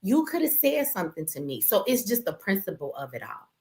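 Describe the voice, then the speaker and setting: A Detroit woman hosts a casual livestream, her medium-pitched, mellow voice swooping wildly in pitch and running a little fast. Tired and exasperated, she rants straight to her viewers and swears freely.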